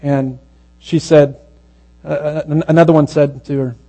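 A man preaching a sermon, telling a story in a conversational way and dropping to a hushed, slow voice at its tender moments. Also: a little high, level tone, faint music behind, rough recording.

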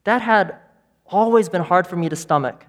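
A man preaching a sermon as pastor, emphatic, with repeated phrases and dramatic pauses. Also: sits high. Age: adult parent of young children.

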